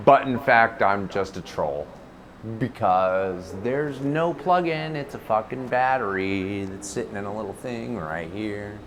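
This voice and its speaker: A man chats slowly and casually on a live stream, his voice close and clear from a clip-on mic at home. He rambles and pokes fun at himself between asides to his pets. A faint hiss sits under the recording. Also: fairly low pitch, animated. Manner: rambling and self-mocking, talks to his cats. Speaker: livestreamer. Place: at home indoors. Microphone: clip-on lapel mic.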